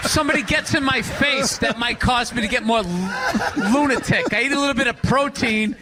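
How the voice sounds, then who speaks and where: A man's voice: very high voice, fairly quick, heavy background noise. A man in casual chat, ribbing people with brash, profane jokes.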